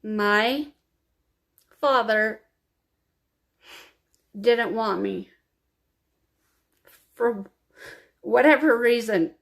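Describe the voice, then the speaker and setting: Woman vlogger, tearful personal storytelling to camera, unhurried and a little high-pitched. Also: vocal fry, fairly bright tone. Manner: emotional, confiding, slow and halting. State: crying.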